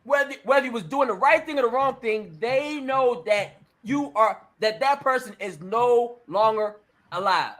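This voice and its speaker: An expressive male talk show host with a very high voice speaks at normal speed, pushing his opinions emphatically. Along the way he acts out brief scenes and addresses listeners as ladies and gentlemen.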